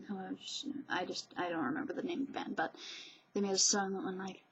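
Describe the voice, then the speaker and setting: A woman's voice: mid-range voice, fairly even intonation, fast, slightly rough, dull audio. A woman vlogger rambling in a casual monologue, gushing, chatty and digressive.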